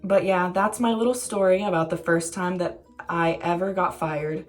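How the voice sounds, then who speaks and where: A woman's voice: on the low side, steady tone, moderate pace, faint music behind. A young woman telling a casual storytime vlog, candid and self-mocking, swearing freely. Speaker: vlogger.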